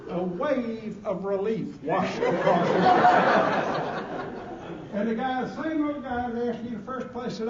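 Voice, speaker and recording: A high-voiced man with a Southern US accent tells folksy, joking stories as an after-dinner speaker. He is recorded from a distance in a roomy banquet hall, so the sound is muffled and echoey. A dinner crowd murmurs behind him. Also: animated, a little slow. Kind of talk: humorous speech.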